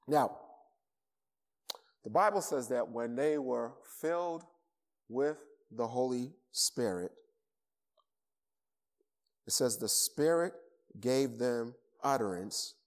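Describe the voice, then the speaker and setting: A man's voice: medium pitch, expressive, takes it slowly, pauses often. Preaching man with a Boston accent. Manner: emphatic, repeats words for emphasis. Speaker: pastor. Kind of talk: sermon. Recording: long hall reverb.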